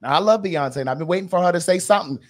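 Male co-host, fairly high pitch, wry and chatty. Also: racing. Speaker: podcast co-host. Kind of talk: casual chat.

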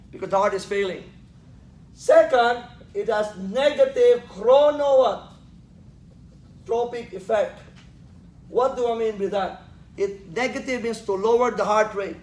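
A man lecturing a class, quizzing students with questions and joking as he teaches. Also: high-pitched. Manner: joking, laughs at his own jokes. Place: lecture room. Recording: echoey classroom with faint noise.

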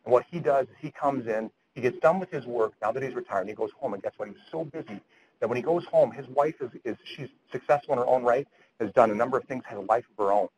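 A man's voice: medium pitch, fast talker, darkish tone, dull audio. A man lecturing physicians at grand rounds, retelling a story earnestly and often repeating words as he goes.

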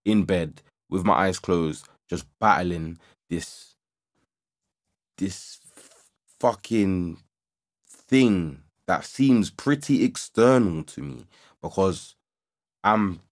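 A young man telling a story casually on a livestream, slangy and animated, climbing into agitated outbursts as he relives it. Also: deep voice, takes it slowly, long pauses. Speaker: livestream host. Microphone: studio microphone with audio interface.

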